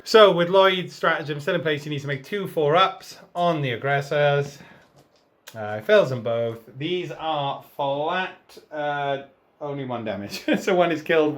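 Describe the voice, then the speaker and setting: A man narrating his moves in a tabletop wargame, chatty and self-mocking, getting excited over dice rolls. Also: medium pitch. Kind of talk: casual battle report commentary.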